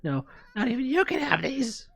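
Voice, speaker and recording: Coy snack-hoarding schoolgirl played by a woman, pitched high, evasive and playful. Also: big pitch swings, normal speed, creaky, husky, dry recording, exaggerated voice.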